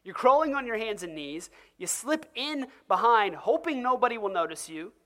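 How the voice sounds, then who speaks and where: A pastor delivering an animated, conversational sermon, asking the listeners direct questions and acting out the voices he quotes. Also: mid-range voice, moderate pace. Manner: asks the audience direct questions.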